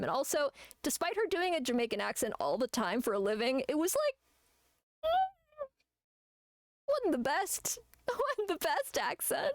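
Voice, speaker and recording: A woman's voice: on the high side, gravelly, no room sound. A young woman streaming as an artist, chatting casually while drawing. She rambles, laughs often and swears freely.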